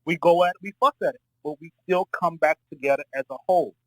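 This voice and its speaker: Caller: man from Florida, blunt, profane raconteur, slightly high voice. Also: fast talker, a little mellow, no echo, low-quality recording. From Florida, United States. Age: adult, married. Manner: profane, rambling storyteller. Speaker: debate caller. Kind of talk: casual spoken debate.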